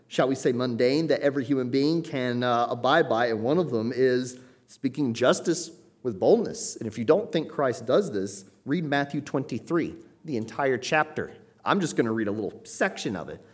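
A man preaching a sermon, explaining scripture in a conversational way and raising his voice when he reads passages aloud. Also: medium pitch. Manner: emphatic, rising sharply when reading scripture aloud; conversational asides with light laughter.

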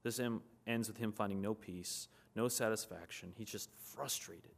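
A man's voice: lowish voice, fairly even intonation, normal speed, gravelly. A man preaching a sermon in an earnest, conversational way, reading scripture aloud and explaining it.

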